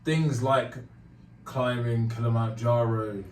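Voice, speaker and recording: A man's voice: mid-range voice, fairly even intonation, slow. A man hosting a casual podcast, chatty and laid-back with slangy phrasing. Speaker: podcast host. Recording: roomy, slightly distant, faint noise.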